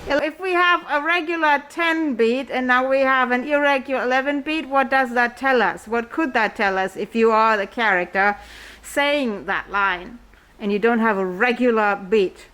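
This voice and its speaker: Brisk woman leading a drama workshop. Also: fairly high pitch, a bit bright, low-quality recording. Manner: brisk, questioning, encouraging. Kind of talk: classroom instruction.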